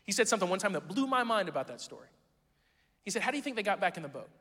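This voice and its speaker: A man delivers a sermon from a church pulpit, his voice high for a man. He talks casually and teases the congregation, rising loud on key lines and sinking almost to a hush. The sound carries a long hall reverb. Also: big pitch swings, rapid-fire. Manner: conversational and joking, swinging from loud to hushed. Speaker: pastor. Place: church sanctuary.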